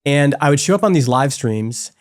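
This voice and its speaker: A software company co-founder in his forties, speaking at normal speed in a mid-range voice, is a guest in a casual interview. He's candid and open, telling animated stories loosely and leaning on "like" as a filler.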